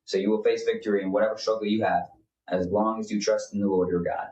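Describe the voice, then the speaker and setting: A man's voice: on the low side, level tone, quick pace, a little mellow, highs cut off. A young man, a podcast co-host, talking earnestly in a rambling, casual way with many fillers. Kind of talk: casual faith chat. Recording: roomy, distant mic.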